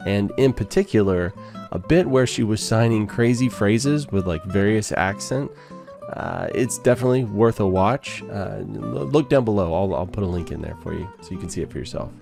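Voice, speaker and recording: A man hosting a podcast in casual interview chat, chatty and quick to laugh, with rambling asides. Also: on the low side, creaky. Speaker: podcast host.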